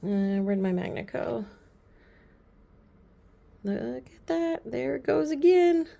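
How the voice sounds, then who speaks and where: A woman vlogger chatting casually to the camera, gushing and rambling with quick asides. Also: sits high, lively intonation, gravelly, mellow. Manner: chatty and gushing, repeats "pretty" often. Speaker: beauty vlogger. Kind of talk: casual haul chat to camera.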